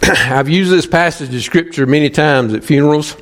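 A male pastor, preaching emphatically, slowing and pausing for stress. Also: a little high, a bit bright. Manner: emphatic, pleading with pauses. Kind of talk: sermon.

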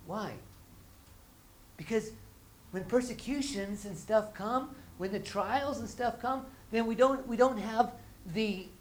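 A woman's voice: fairly high pitch, takes it slowly, rough recording. A woman preaching a conversational sermon. She restarts and repeats words, and she acts out the everyday voices of her listeners.

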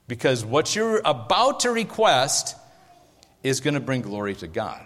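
A man's voice: medium pitch, sing-song, measured pace, a bit bright. A man preaching a sermon as pastor, in a conversational way, often checking that his listeners are following. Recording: long hall reverb.

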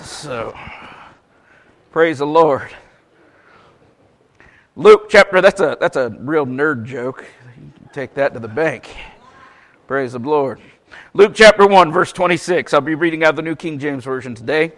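A man giving a sermon as a pastor, telling a light joke and then reading Scripture with loud, rising emphasis. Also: fairly high pitch, unhurried, long pauses, poor audio. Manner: relaxed storytelling with jokes, grows loud and emphatic reading Scripture.

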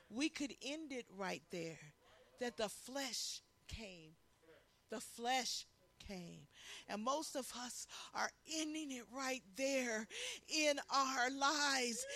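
A woman preaching a sermon with passion, swinging from loud, shouted lines to hushed ones. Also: high-pitched.

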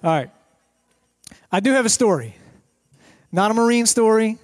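A man giving a lighthearted sermon as guest speaker in a church, excitable and joking, often repeating his phrases. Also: sits high, normal speed. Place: church sanctuary.

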